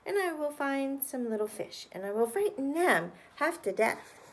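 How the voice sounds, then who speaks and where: A woman voicing a large, growly male bear in a storybook, with a squeaky, exclaiming delivery. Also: very animated, moderate pace, slight background noise. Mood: scheming. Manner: dramatic, exclaiming.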